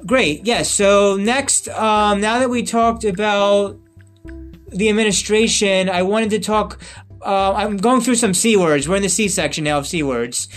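A man's voice: high voice, unhurried, faint music behind. A man hosting a podcast in casual chat, rambling through topics with many fillers and restarts. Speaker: podcast host.

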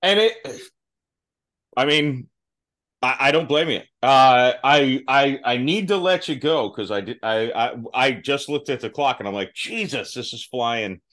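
A man hosting a podcast in casual, animated chat, laughing often and swearing freely. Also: measured pace. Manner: animated, laughs often, swears, mimics people in high put-on voices. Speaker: podcast host.

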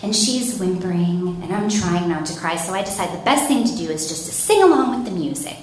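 A woman telling a personal story in a lively way, acting out panicked quotes. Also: lowish voice, a little fast. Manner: animated, acts out panicked quotes. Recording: very echoey room, faint noise.

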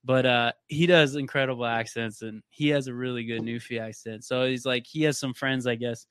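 A man's voice: mid-range voice, steady tone, fairly quick, a bit bright, smooth, dry recording, studio quality. Loose, rambling man from Canada. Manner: loose, rambling storyteller with frequent swearing. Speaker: podcast guest. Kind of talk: casual chat.

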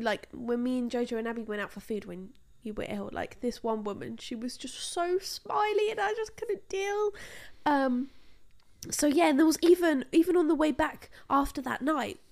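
A woman's voice: high voice, expressive, normal speed, a little mellow. A young woman co-hosting a podcast, chatting casually and teasing her co-host. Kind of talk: casual chat.

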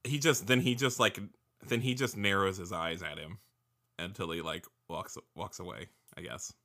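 A man playing a tabletop game, chatting casually and thinking out loud, full of fillers. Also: sits low, normal speed. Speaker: player.

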